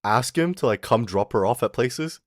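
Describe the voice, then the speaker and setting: A man's voice: mid-range voice, animated, moderate pace, heavy background noise. A young man rambling casually on a livestream, swearing and laughing often as he chats. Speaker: streamer.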